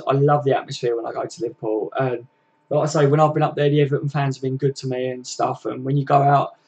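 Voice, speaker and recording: A man's voice: mid-range voice, darkish tone. A man, chatting casually and rambling on a live stream to his viewers. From England. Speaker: fan channel host.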